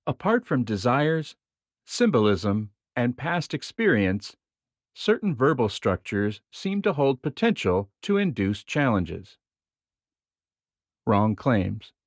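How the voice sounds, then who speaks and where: A man reads nonfiction aloud with a measured, expressive delivery. His intonation moves freely up and down over a middle-pitched voice. The recording is dry and close, with no room sound. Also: no echo. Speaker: reader of a magic theory book.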